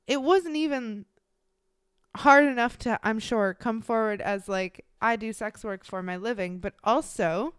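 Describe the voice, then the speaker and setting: A woman co-hosting a podcast, talking in a casual, animated and emphatic way. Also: on the high side, measured pace, clear, resonant tone, no echo, clean studio sound. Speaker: podcast co-host.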